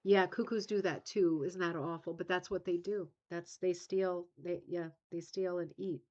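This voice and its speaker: A woman's voice: fairly low pitch, steady tone, moderate pace, darkish tone, dull audio. A woman hosting a casual craft livestream, a little tired and yawning, chatty, musing aloud with frequent ums and asking "right?". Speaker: livestream host of a rug hooking club.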